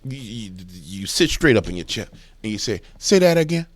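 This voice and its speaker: A man speaks in a low-set voice, ranting hard and repeating himself for emphasis. The recording is dry and close, with no room sound. He keeps pushing his point harder as he talks. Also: expressive, moderate pace, fairly bright tone, husky, no echo. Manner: emphatic, repetitive, gets worked up. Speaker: political commentator. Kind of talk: heated commentary rant.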